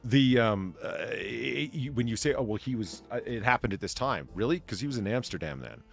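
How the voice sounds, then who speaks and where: A tired man hosting a casual stream chat, rambling with many restarts and swinging between loud and quiet. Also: medium pitch, animated, brisk, creaky, faint music behind. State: tired from little sleep. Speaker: podcast host.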